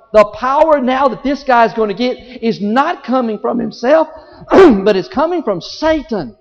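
A man preaching a sermon to a congregation, with big swings in pitch and loudness and many rhetorical questions. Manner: speaks to the congregation directly, asks rhetorical questions. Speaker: pastor. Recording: dull audio in a large reverberant hall.

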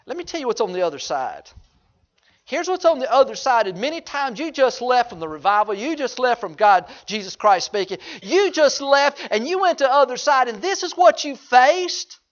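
A man delivers a sermon in a strikingly high voice. He swings between quiet, low asides and loud, driving exhortation. The recording is dull and lo-fi. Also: very animated, moderate pace. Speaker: pastor.

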